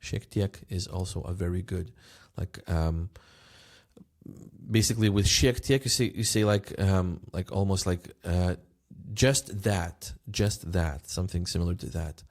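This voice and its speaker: A man teaching a language lesson, patiently repeating phrases slowly for learners. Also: low voice, darkish tone.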